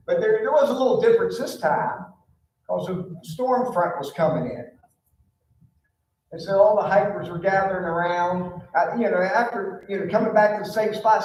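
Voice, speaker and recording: Pastor, folksy storyteller, distant mic in a very echoey church. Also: male voice, high voice, a little mellow, a little hiss or hum. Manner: folksy, conversational with many fillers. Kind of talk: storytelling sermon. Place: church sanctuary.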